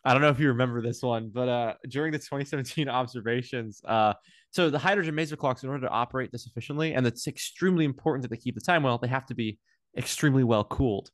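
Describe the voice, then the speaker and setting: A playful man tells stories in an animated, casual way. His voice sits in an ordinary middle range and is recorded dry and close, with no room sound. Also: medium pitch, fast talker, dry recording. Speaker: astronomy researcher. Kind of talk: casual conversation.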